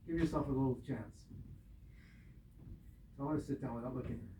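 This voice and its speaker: A man guiding a student through a scene with patient, step-by-step directions, speaking through a mask. His voice is mellow and even. He sounds far from the mic in a roomy space. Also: mid-range voice, brisk, slight background noise. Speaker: acting coach. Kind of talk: directing an acting exercise. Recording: roomy echo, distant mic.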